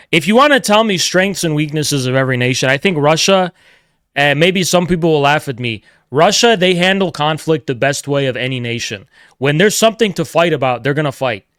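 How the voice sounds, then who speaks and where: A man's voice: a little high, a bit bright, smooth, no echo, clean studio sound. A man livestreaming, ranting in a blunt, profane, exasperated way in casual monologue, at a desk mic indoors.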